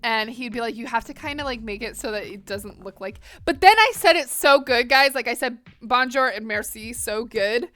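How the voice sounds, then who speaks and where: A woman's voice: on the high side, moderate pace, hardly any pauses, a bit bright, no room sound. A woman in her twenties with an American accent, chatting casually and animatedly with live stream viewers while coloring. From northern United States.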